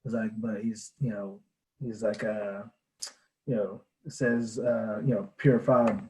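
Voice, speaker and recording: A man speaking as a panelist in an online discussion, halting and full of filler words. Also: fairly low pitch, fairly even intonation, darkish tone, roomy sound, rough recording.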